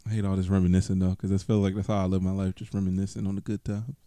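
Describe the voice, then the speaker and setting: A man with a fairly low voice talks loosely on a podcast, chuckling and wandering from thought to thought. The sound is dry and close, with no room around it. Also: flat delivery, very fast, warm tone, dry recording. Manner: laid-back, chuckling, rambling. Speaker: podcast co-host. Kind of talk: casual chat.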